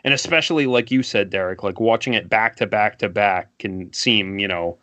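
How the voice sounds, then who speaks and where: A man's voice: lowish voice, moderate pace, sharp tone. A man co-hosting a podcast in casual chat, filling every phrase with like and you know. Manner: filler-heavy, says like constantly. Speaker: podcast co-host.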